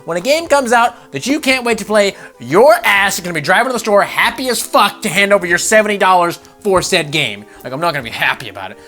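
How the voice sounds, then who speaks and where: A man hosting a gaming channel, ranting about game news with swearing and laughter, jumping from loud outbursts to low mutters. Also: fast talker, few pauses, faint music behind. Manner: animated, profane, laughing, swings between loud outbursts and mutters.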